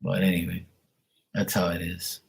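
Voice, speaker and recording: Husky low-ish guy rambling on a late night stream, teasing viewers. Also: completely flat delivery, normal speed. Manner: rambling, chatty and teasing, talks to viewers by name. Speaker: livestream host reading paid questions. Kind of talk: late-night casual livestream chat to viewers.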